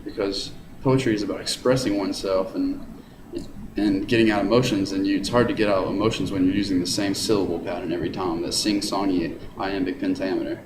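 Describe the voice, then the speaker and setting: A man's voice: low voice, fairly even intonation, a little fast. A male teacher giving his students an encouraging review lesson, sounding out stress patterns aloud. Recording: echoey room with noticeable background hiss.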